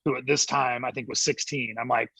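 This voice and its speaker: A middle-aged man tells his story with lively energy, acting out what people said. His voice is bright and forceful, with a husky edge. The sound is close and dry. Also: mid-range voice, no room sound, poor audio. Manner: animated storyteller acting out quotes, quick laughs. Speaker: guest, youth ministry director. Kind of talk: storytelling in a church podcast interview.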